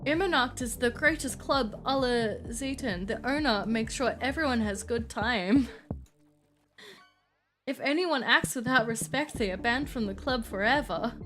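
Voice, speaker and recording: A woman voicing a welcoming vampire club host from a visual novel, reading in a smooth, inviting way. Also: a little high, measured pace, a bit bright, soft background music.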